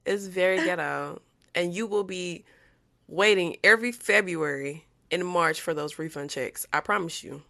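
A woman's voice: on the low side, normal speed, vocal fry, sharp tone, dry recording, studio quality. A woman in her twenties co-hosting a casual chat podcast, slangy and laughing often. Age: 20s. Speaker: podcast co-host.

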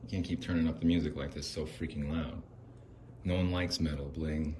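A man's voice: a bass voice, fairly even intonation, a little fast, noisy background. A man voicing a scolding male police officer who lectures in an exasperated way.

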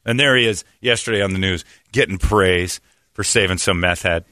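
A man hosting a radio show in casual talk, telling stories and acting out the people in them loudly. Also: low-pitched, moderate pace, dry recording, studio quality. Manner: animated storyteller, acts out quotes loudly.

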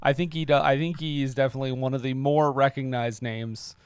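A man's voice: medium pitch, fairly even intonation, a little fast, a little mellow, clear, resonant tone, dry recording, studio quality. A man hosting a podcast in casual, jokey, rambling chat, laughing often. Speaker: podcast host.

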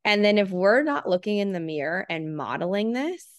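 A woman's voice: mid-range voice, very animated, moderate pace, no room sound, clean studio sound. A woman in her thirties, a parenting program co-founder, talking earnestly in a casual podcast conversation and acting out the voices she quotes.

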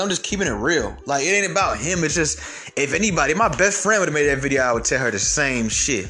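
A man's voice: a little high, big pitch swings, fast talker, bright, forceful tone. Blunt ranting man, faint music behind. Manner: blunt, confrontational, profane, rambling with restarts. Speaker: commentary vlogger. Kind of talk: ranting commentary to camera.

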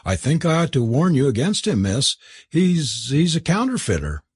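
A man's voice: a little high, huge pitch swings, normal speed, breathy edge, dry recording, clean studio sound, voice pushed up, heavily acted. A man voicing a flustered, anxious cook who is a man disguised as a woman, pleading and servile in manner.

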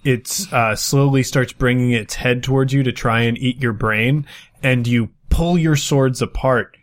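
A man narrating and running a tabletop game as game master, with vivid, quick descriptions. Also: medium pitch, steady tone.

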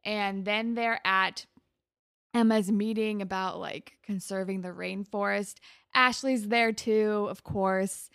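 A woman's voice: mid-range voice, fairly even intonation, slow pace, vocal fry, fairly bright tone, clean tone, no room sound, studio quality. A young woman casually recapping a TV episode with a co-host, chatty and sarcastic, full of "like". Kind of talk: casual chat.

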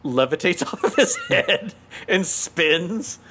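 A man's voice: high voice, expressive, slow pace, bright, forceful tone, a little hiss or hum. A man co-hosting a podcast, chatting in a rambling, conversational way full of "like". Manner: rambling, conversational, lots of filler "like". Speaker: podcast co-host. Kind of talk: casual podcast chat.

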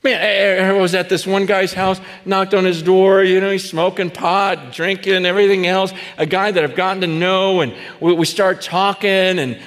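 A man preaching a sermon in a conversational storytelling way, full of fillers and restarts, acting out dialogue and sometimes rising to shouts. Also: sits high, fairly even intonation, moderate pace, hardly any pauses. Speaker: pastor. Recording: reverberant hall.

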